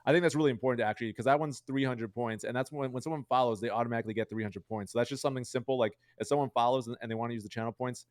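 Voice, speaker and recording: A man's voice: medium pitch, steady tone, no echo, clean studio sound. A young man chatting casually as an interview guest, rambling with lots of fillers. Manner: fast, rambling, heavy use of fillers. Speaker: guest streamer.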